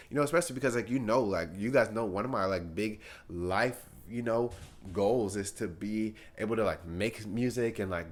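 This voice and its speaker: A young man vlogging while getting ready, talking earnestly and encouragingly, often saying "literally" and "like". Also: on the low side. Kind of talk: casual advice talk while getting ready.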